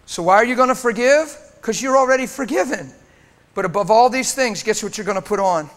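High-voiced passionate male preacher. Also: animated, brisk. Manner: passionate, swinging from loud exhortation to hushed intensity. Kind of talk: sermon. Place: church meeting room before a congregation.

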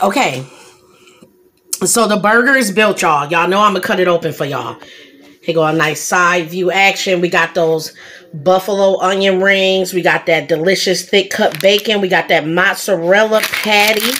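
Excitable woman hosting her home cooking channel, drawn-out easy pace, playful rhyming asides to viewers. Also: medium pitch, slight background noise. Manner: playful sing-song rhyming chatter, keeps addressing viewers as y'all; excitable and unscripted. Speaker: home cook and channel host. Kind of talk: casual cooking vlog narration.

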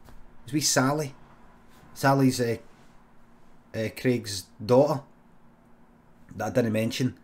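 A Scottish man spinning an improvised comic story from a home streaming setup. His delivery is deadpan and full of swearing, with sudden loud shouted bits, at a pitch that sits in the middle for a man. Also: slow pace, pauses often.

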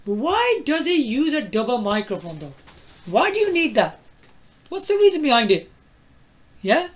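A man's voice: very high voice, big pitch swings, moderate pace, fairly bright tone. A man reviewing a phone to camera, asking the viewer questions and tagging his lines with "right?" and "yeah?". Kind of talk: product demo to camera.

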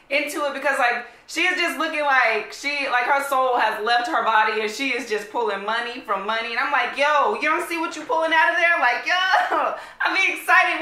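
Excitable high-voiced American woman vlogger. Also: fairly quick, hardly any pauses. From United States. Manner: excitable, gushing, slangy. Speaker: reaction video host. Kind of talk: casual reaction vlog chat. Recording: echoey room. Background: faint music playing.

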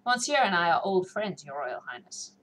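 A woman's voice: fairly low pitch, sing-song, moderate pace, a bit bright, a little hiss or hum, low-quality recording. A woman reading as a witty, mischievous noblewoman. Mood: arch. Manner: light, arch, poised.

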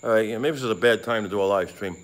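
A sweaty middle-aged man livestreams from his phone by a pond at night. He rambles, gets excited and swears freely. Frogs and insects chirp behind him. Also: on the low side, racing. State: sweating in the heat. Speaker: live-streamer. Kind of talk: casual live-stream chat outdoors at night.

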